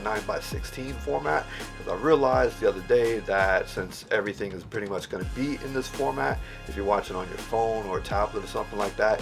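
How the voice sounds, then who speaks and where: A man from Illinois hosting an English-teaching vlog, talking in a relaxed, slangy way and explaining with examples. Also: fairly low pitch. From Illinois, USA. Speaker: English teacher and video host. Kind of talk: casual talking-to-camera vlog.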